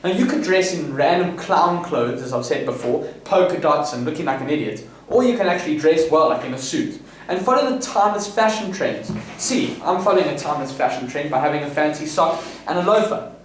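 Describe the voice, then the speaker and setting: A man's voice: a little high, animated, fairly quick, slight background noise. A man from South Africa vlogging self-improvement advice in a boastful, self-assured way, rambling with restarts. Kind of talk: casual advice monologue. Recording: echoey room, voice distant from mic, faint room ambience.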